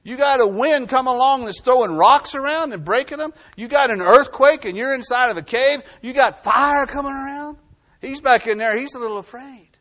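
Man preaching a sermon, high voice, reads scripture then gets loud then drops real quiet. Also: normal speed. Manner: drops to a low hushed voice for emphasis. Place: New Mexico.

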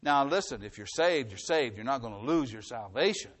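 A middle-aged man preaching a sermon as the pastor, building his points by repetition and swinging between loud emphasis and hushed, quiet passages. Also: medium pitch, expressive, brisk.

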